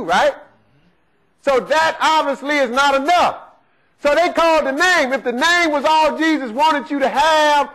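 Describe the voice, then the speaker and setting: A man's voice: extremely high pitch, moderate pace, fairly bright tone, low-quality recording. A male preacher giving a conversational sermon, often asking "right?" as he teaches. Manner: preaching in a conversational style, asks "right?" again and again.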